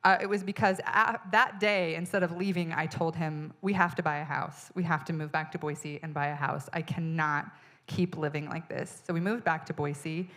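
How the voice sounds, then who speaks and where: Woman stand-up comic with a lowish voice, animated storyteller, exasperated, acts out the people she talks about. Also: normal speed. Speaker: stand-up comedian. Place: stage in front of an audience.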